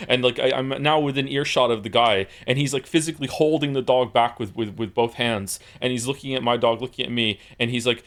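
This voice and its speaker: A man's voice: mid-range voice, fast talker, few pauses. Blunt, rambling male streamer. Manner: rambling, with many fillers and restarts; profane and blunt. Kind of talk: casual chat with viewers.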